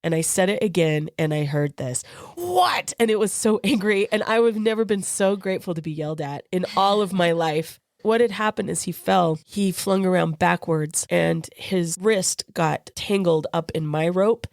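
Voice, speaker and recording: Low-voiced woman telling a story. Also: moderate pace, gravelly, few pauses, no echo, clean studio sound. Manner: lively storyteller who acts out the quoted voices of others. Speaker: podcast co-host. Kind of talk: personal storytelling in casual chat.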